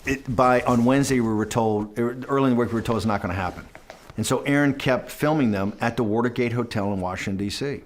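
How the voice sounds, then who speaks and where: A man in an interview spinning a long anecdote at a middling pitch. He talks in loose bursts, doubling back on his words and slipping into the voices of the people in his story. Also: fast talker. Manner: rambling, animated, restarts and acts out quoted dialogue. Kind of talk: conversational storytelling.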